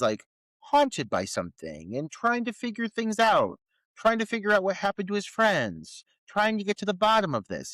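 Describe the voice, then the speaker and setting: A man co-hosts a horror podcast in loose, profane, sarcastic chat. His voice sits a little high for a man and swings widely in pitch as he rants. The sound is dry and close to the mic. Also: no echo. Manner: animated, profane, sarcastic ranting. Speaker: podcast co-host.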